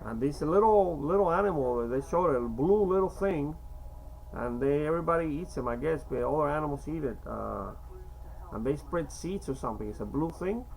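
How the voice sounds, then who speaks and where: A man's voice: a little high, expressive, creaky, darkish tone, a little hiss or hum, poor audio. Rambling older man, faint Cuban accent. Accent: slight Cuban Spanish accent. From Cuba. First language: Spanish. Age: 50s. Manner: halting, many fillers and restarts. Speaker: vlogger. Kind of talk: rambling casual monologue.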